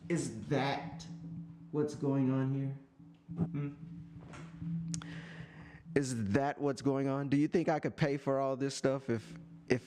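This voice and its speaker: A man live-streaming from a home setup with a desk microphone, talking to a chatter in a sarcastic, teasing rant full of drawn-out taunts. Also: medium pitch, gravelly, darkish tone, a little hiss or hum. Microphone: desk microphone and headphones.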